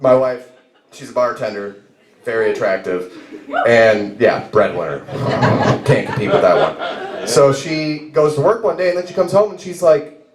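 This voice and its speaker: Stand-up comic, 30s, male, bouncy pitch, chuckles at his own material, echoey bar mic. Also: lively intonation, a little slow, a crowd in the background. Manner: rambling, laughs at his own jokes. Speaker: stand-up comedian. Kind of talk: stand-up comedy set. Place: bar stage, live open mic. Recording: roomy bar with echo.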